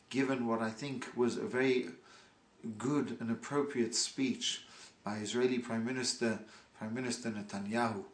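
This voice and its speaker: A man's voice: medium pitch, a bit bright. Emphatic man preaching in an echoey room. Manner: slow, emphatic preaching with dramatic pauses. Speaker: rabbi. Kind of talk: sermon.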